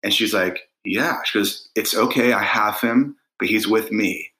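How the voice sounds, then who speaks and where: A man's voice: fairly low pitch, measured pace, roomy sound, rough recording. A middle-aged man, a guest singer-songwriter, telling a story in a casual interview and acting out the voices of the people in it. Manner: animated storyteller, acts out quoted voices.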